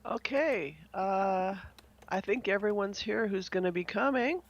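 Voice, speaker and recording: Gravelly, playful co-host on dull audio. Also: medium pitch, measured pace. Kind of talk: casual chat on a live stream.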